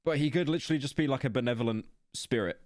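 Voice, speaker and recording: A man's voice: medium pitch, rapid-fire, background noise. A man with a British accent live-streaming a horror game, joking and rambling defensively at chat. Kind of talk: casual live-stream commentary.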